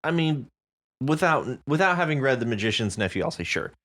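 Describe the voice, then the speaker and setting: A woman's voice: extremely low pitch, brisk. A woman co-hosting a podcast, chatting casually and jokingly about a story, playing with words. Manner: animated, joking, playful with words. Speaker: podcast co-host.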